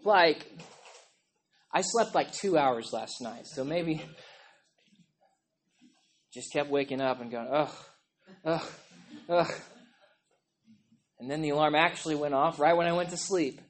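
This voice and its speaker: Impassioned woman preacher yelling a sermon. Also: sits low, unhurried, long pauses. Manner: conversational, with frequent "like" and "okay?". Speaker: pastor. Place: church.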